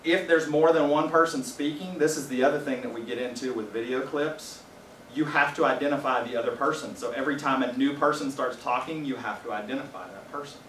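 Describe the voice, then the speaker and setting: A man leads a training session in a casual, explanatory way and drops wry asides now and then. His voice sits at a middling pitch. It is picked up from a distance in a roomy space with a faint hum of ambience behind it. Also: fairly quick, fairly bright tone. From Louisiana. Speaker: faculty trainer. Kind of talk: casual presentation to a live group. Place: training room with a small audience.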